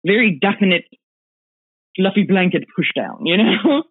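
A woman's voice: medium pitch, animated, unhurried, husky. A woman guest casually telling a personal ghost story, rambling with fillers and little laughs, heard over a remote call. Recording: tinny phone-line audio.

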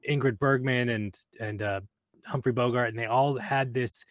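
A man's voice: medium pitch, fairly even intonation, moderate pace, no echo, clean studio sound. A man co-hosting a podcast, chatting casually and agreeing readily. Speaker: podcast co-host. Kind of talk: casual chat.

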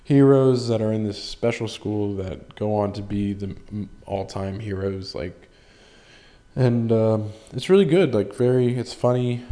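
A man's voice: on the low side, dark tone. A man hosting a solo podcast in casual chat, rambling, swearing freely and joking at his own expense. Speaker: podcast host.

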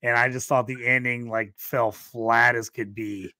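A man's voice: medium pitch, little pitch movement, a little slow, sharp tone, no echo, clean studio sound. A middle-aged man hosting a casual movie-review podcast, animatedly retelling funny scenes. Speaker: podcast host.

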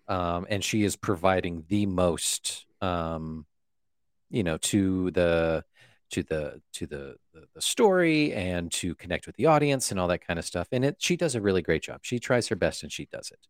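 Low-ish voiced dude cohosting a movie podcast, jokey, cusses a lot, dry close mic. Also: male voice, lively intonation, dry recording. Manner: jokey, swears often, acts out quick bits. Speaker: podcast co-host. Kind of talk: casual movie podcast chat.

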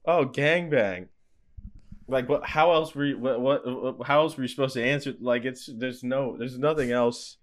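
A young man co-hosting a podcast, chatting casually in a crude, joking way with quick restarts. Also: medium pitch, fairly even intonation. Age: young adult. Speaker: podcast co-host. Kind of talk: casual chat.

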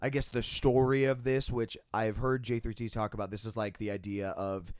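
A man's voice: lowish voice, flat delivery, moderate pace, no echo, studio quality. A young man hosting a casual podcast, reviewing songs in a laid-back way and swearing freely. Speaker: podcast host. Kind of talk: casual chat reviewing an album.

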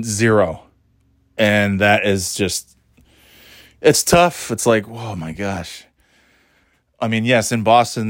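A middle-aged man hosting his own podcast, talking in a rambling, casual way, swearing freely and laughing at himself. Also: fairly low pitch. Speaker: podcast host. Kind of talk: casual solo podcast monologue.

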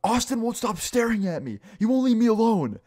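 A man's voice: very high voice, big pitch swings, fairly quick, darkish tone, pitched above the performer's own voice, full character voice. A man doing a screaming furious schoolboy. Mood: screaming angry. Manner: screaming accusations. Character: furious fifth-grade boy, touchy and shouting.

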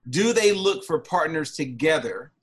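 A man's voice: a little high, a little slow. A man hosting a casual podcast, asking curious, rambling questions and reading out listener questions. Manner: curious, lively questions, laughs easily. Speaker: podcast host.

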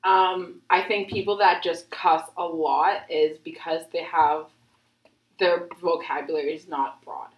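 A young woman in her twenties talks loosely and at length, stringing thoughts together with filler words and swearing. Her voice sits on the low side. The room around her rings with echo. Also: steady tone, a little slow. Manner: rambling, heavy use of filler "like", frequent swearing. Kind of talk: casual chat.

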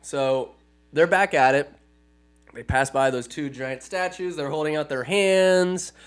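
A man's voice: on the high side, a little slow. Rambling, profane man retelling a film. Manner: profane, rambling, sarcastic asides. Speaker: comedic film recapper. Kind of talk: casual comedic story recap.

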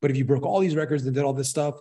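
A man in his thirties tells a personal story as a podcast guest, with a husky, slightly breathy voice at an ordinary male pitch. He rambles and swears freely, and his excitement builds in quick runs of asides. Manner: rambling, profane, excitable retelling. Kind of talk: casual storytelling.

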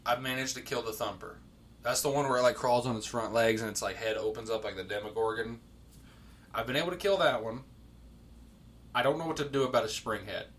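A man's voice: mid-range voice, fairly quick, a bit bright. A man co-hosting a podcast in casual gaming chat, swearing freely, laughing often and telling stories with animation. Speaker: podcast co-host.

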